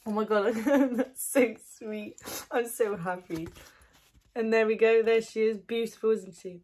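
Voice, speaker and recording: A woman doing ASMR snack tasting, soft-spoken, giggly and gushing into a close microphone. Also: fairly high pitch, steady tone, moderate pace. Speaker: ASMR creator.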